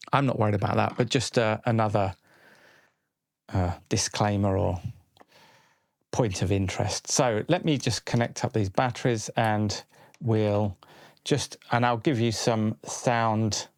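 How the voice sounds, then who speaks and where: Relaxed man thinking aloud. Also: on the low side, no echo. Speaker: electronics video host. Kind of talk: casual hands-on explanation. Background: synth tones playing.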